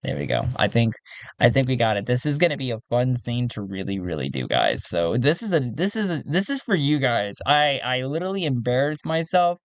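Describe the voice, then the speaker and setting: A man's voice: mid-range voice, sing-song, a little fast, no echo. A man narrating a solo tabletop role-play game in a casual way, thinking aloud with restarts and laughter.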